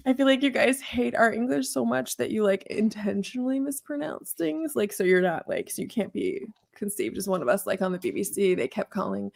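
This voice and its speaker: A woman's voice: medium pitch, expressive, fairly quick, vocal fry, few pauses, darkish tone. An American woman doing a mocking stand-up set over a video call, laughing at her own jokes. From United States. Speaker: stand-up comedian.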